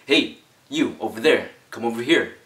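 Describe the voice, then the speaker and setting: A man doing a loud, pushy hard-sell salesman. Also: medium pitch, lively intonation, normal speed, reverberant, distant mic, voice pushed up, lightly acted. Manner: loud, insistent, demanding. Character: pushy, forceful male hardcore salesperson.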